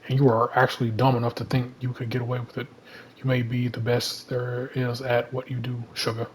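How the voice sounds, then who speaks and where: Man reading sharp-tongued Southern heroine, flat drawl, comic read-through. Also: medium pitch, brisk, slight background noise, lightly acted, low-quality recording. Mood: scolding. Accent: Southern American. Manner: reads plainly, half in his own voice.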